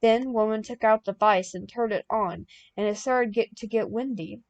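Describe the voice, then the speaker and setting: A young woman reading a fan-written story aloud as an audiobook, plain and deadpan, bursting out loud in the dialogue. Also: on the high side, moderate pace, dull audio. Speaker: audiobook reader.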